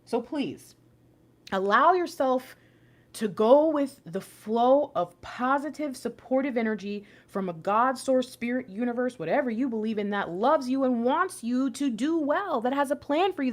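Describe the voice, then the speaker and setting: A woman's voice: sits high, expressive, moderate pace. A woman giving a casual, chatty tarot reading, preaching emphatic asides straight to her viewers. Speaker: intuitive tarot reader.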